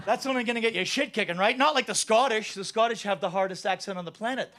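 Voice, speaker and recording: High, bright-voiced Canadian man doing stand-up. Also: fast talker, few pauses. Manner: brash and profane, shouting punchlines. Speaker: stand-up comedian and compere. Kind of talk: stand-up comedy. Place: comedy club stage.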